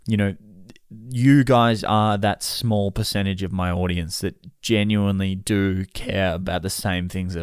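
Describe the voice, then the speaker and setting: A man's voice: fairly low pitch, smooth, no room sound, studio quality. A man hosting his own solo podcast, talking casually to listeners, rambling, correcting himself mid-sentence and swearing offhandedly. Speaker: podcast host.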